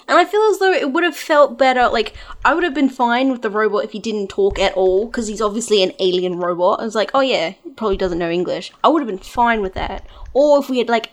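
A woman chatting casually about a TV show, agreeable and full of fillers. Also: a little high. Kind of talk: casual chat.

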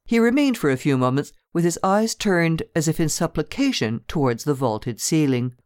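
Man, audiobook narrator, measured delivery, dry close sound. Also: a little high, animated, a little mellow, clear, resonant tone, dry recording.

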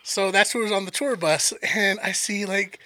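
A man's voice: high voice, normal speed, dry recording. A man telling a comic story in casual chat, swearing freely and acting out the people in it. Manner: animated, profane, acts out voices in his stories. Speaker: storyteller on a podcast.

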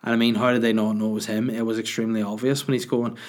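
A man's voice: lowish voice, little pitch movement, rapid-fire. A man hosting a podcast, rambling and joking as he answers listener questions. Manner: rambling, jokey, sweary. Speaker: podcast host.

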